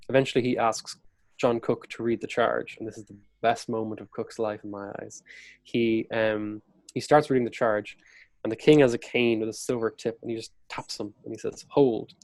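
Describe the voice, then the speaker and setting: Male podcast guest, mid pitch, dry close recording, vivid conversational storyteller who acts out quotes. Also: fairly even intonation, brisk, darkish tone, no room sound.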